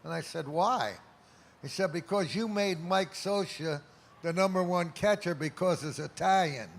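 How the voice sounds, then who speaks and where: A man's voice: high voice, unhurried, vocal fry. A man in his eighties, accepting an award and telling jokes in a wry storyteller's manner. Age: 80s. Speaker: award honoree.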